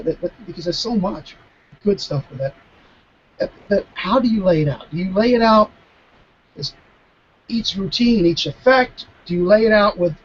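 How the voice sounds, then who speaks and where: A man, a mentalist guest, chatting casually over a video call, animated and stopping to restart his sentences. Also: high-pitched, lo-fi sound, slight background noise. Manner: animated, acting out dialogue, frequent restarts. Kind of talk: casual storytelling Q&A.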